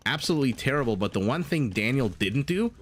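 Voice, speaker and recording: A man's voice: mid-range voice, big pitch swings, fast talker, a little hiss or hum. A man casting a strategy game live, chatting with viewers and laughing often between play-by-play calls. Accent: non-standard English accent (hear 'dollar' rounded). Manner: chatty, laughs often, reads chat aloud. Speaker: game caster. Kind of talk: live game commentary with chat banter.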